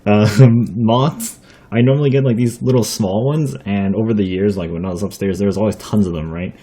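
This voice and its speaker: A man's voice: lowish voice, fairly even intonation, fairly quick, mellow, breathy edge. A young man telling stories in a casual vlog, rambling, chuckling often, with plenty of fillers and some casual swearing. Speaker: vlogger.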